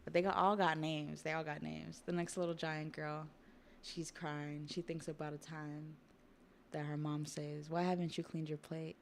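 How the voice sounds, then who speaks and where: A woman hosting a livestream, chatting casually about a manga while drawing, with relaxed asides to her viewers. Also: low-pitched, unhurried, creaky, slight background noise. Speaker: livestream host.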